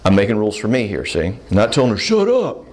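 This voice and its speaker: A man counseling a live audience in a Q&A, plainspoken and animated, acting out short quoted voices. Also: lowish voice, racing. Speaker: counselor answering audience questions.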